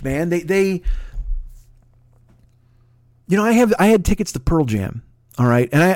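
A man's voice: a little high, darkish tone, no echo, clean studio sound. A middle-aged American man, a podcast host, ranting in a sarcastic, profane, heated monologue. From United States.

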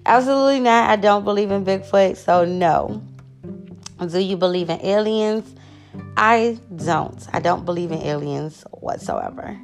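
A young woman in her twenties answers questions to camera in an unhurried, gravelly voice. Her voice sits a little low, and she keeps pausing to excuse her hiccups and burps. Faint music plays behind her. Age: 20s. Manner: hiccupping and burping, excusing herself often. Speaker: vlogger. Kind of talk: casual Q&A chat to camera.

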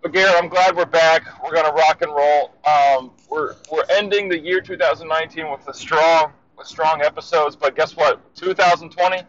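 A man co-hosting a podcast, from Florida, rambling excitably and laughing as he records a message to his friend from his car. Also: fairly high pitch, normal speed, hardly any pauses, lo-fi sound. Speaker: podcast co-host. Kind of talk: casual voice-memo chat while driving. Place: in a car in traffic.

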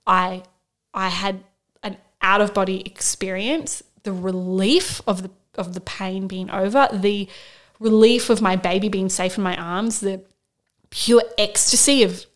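A woman's voice: medium pitch, steady tone, measured pace. A woman in her thirties, a podcast co-host, candidly telling her birth story in casual chat and quoting herself with bursts of emotion.

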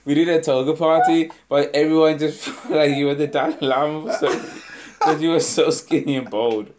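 A man's voice: fairly high pitch, fairly even intonation, a little fast, a little mellow. A man co-hosting a casual podcast, telling rambling stories with frequent laughter and swearing. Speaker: podcast co-host. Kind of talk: casual banter.

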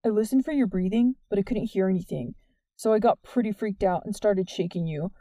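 A woman reading the part of an earnest, worried teenage boy who talks softly and sincerely in an audiobook. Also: medium pitch, fairly quick, no echo, close to an everyday voice. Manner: soft, plain and sincere.

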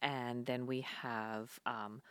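A woman co-hosting a casual chat, blunt and animated, swearing freely. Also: extremely low pitch, extremely slow, clear, resonant tone, no echo, clean studio sound. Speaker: podcast co-host.

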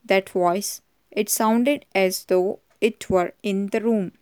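A cool, decisive man speaks with quiet confidence, as a woman reads him. It is a storybook reading. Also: mid-range voice, steady tone, slow, clear, resonant tone, no echo, close to an everyday voice.

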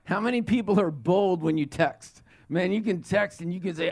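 Man preaching with a higher voice. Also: brisk, hardly any pauses, darkish tone. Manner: conversational preaching with frequent restarts and rhetorical questions. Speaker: pastor. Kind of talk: sermon.

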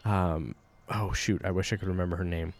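A man's voice: low voice, steady tone, brisk, creaky. A man telling a personal story on a podcast in a casual, digressive way, with frequent fillers and restarts.

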